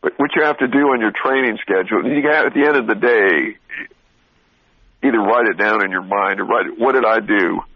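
A middle-pitched man with a husky voice talks straight and blunt, breaking into laughter mid-story. The sound is dry and a little dull, like a radio broadcast. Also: fairly quick, no echo. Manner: blunt, animated storytelling with frequent laughs and restarts. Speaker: veteran talk show guest speaker. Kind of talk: casual motivational radio talk.

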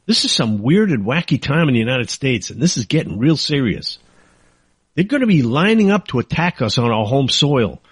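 A man's voice: fairly high pitch, breathy edge, dry recording. Angry guy ranting on his talk show, swoops up and down a lot, dry close sound. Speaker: talk radio host. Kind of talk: political commentary monologue.

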